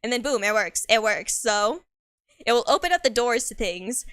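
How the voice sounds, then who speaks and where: A woman's voice: fairly high pitch, animated, normal speed, a bit bright, no echo, clean studio sound. A young woman streamer in casual chat, rambling playfully and laughing often.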